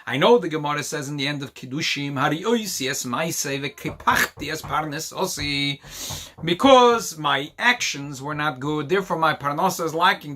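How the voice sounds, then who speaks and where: A male rabbi preaches a sermon as a story, his slightly high, bright voice mixing Hebrew and Yiddish words into English. He builds to emphatic, near-shouted points. The delivery stays lively and forceful. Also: normal speed.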